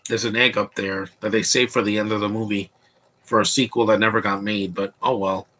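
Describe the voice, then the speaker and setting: A man's voice: fairly low pitch, flat delivery, brisk, sharp tone. A man hosting a casual movie commentary podcast, talking in an opinionated, rambling way with frequent restarts.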